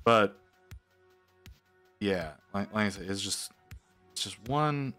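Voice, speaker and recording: A man casually telling an animated, wry story while painting on a stream, with lots of restarts. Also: fairly low pitch, takes it slowly, soft background music.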